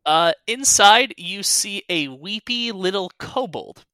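A man narrating as game master in a tabletop game, halting with many fillers. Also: high voice, animated, bright, forceful tone, dry recording.

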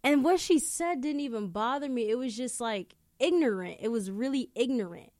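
A young adult woman hosting a podcast, telling stories in casual chat, animated and swearing freely. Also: a little high, moderate pace, no room sound, clean studio sound. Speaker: podcast host. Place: indoor room.

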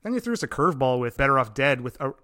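A man from Long Island hosting an interview, talking like an excited fan with jokey asides. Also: mid-range voice, no room sound, clean studio sound. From Long Island, New York. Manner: enthusiastic fan, rapid jokey delivery. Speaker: podcast host. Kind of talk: casual interview chat.

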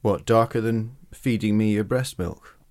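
A man with a Glaswegian accent co-hosting a podcast, telling a story in an animated, wry way and correcting himself as he goes. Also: lowish voice, a little slow. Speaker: podcast co-host. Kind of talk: casual storytelling chat.

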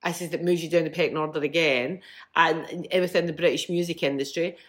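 A woman's voice: low-pitched, steady tone, a little fast. A middle-aged Scottish woman, a band frontwoman, telling stories bluntly in a casual interview, swearing freely. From Scotland.

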